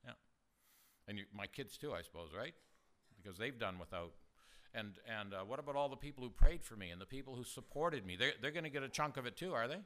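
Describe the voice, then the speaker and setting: A man's voice: mid-range voice, lively intonation, fast talker, bright, forceful tone. An older man preaching a sermon in a conversational, storytelling way, asking his listeners rhetorical questions.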